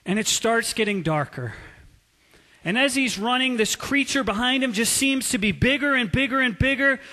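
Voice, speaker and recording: A man preaching a sermon as a pastor, telling a story with drawn-out emphasis. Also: extremely high pitch, animated, pushed and bright. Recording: long hall reverb.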